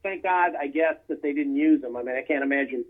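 Husky man on a tinny line. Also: a little high, quick pace. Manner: rambling, many fillers and restarts. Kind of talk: casual film chat. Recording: tinny phone-line sound.

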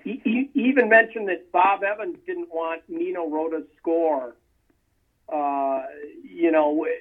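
A man's voice: on the high side, unhurried. A man chatting casually about old films, rambling with many fillers and restarts. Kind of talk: casual film chat. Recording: tinny phone-line sound.

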